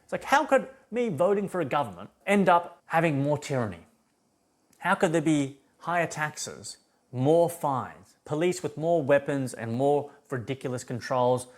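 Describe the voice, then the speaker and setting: A man's voice: fairly high pitch, expressive, normal speed. A man giving an emphatic, rambling philosophy monologue full of restarts. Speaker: philosophy vlogger. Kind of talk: unscripted monologue.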